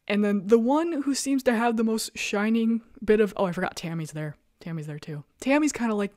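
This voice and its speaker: Animated young woman recapping, dry sound. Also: medium pitch, normal speed, dry recording. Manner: animated, exasperated, laughs often. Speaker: show host. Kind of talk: casual recap chat.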